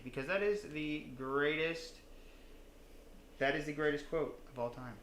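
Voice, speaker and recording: A man's voice: a little high, unhurried, long pauses, fairly bright tone. A young man co-hosting a podcast, joking and playful with many fillers. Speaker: podcast co-host. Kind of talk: casual chat. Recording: echoey room, faint background noise.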